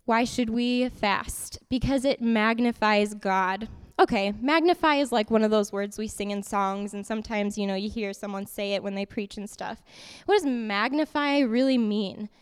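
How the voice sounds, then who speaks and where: Smooth-voiced woman preaching to youth. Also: medium pitch, normal speed, hardly any pauses. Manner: lively, quizzes the audience, repeats points. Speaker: youth teacher. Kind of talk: interactive youth sermon. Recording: long hall reverb.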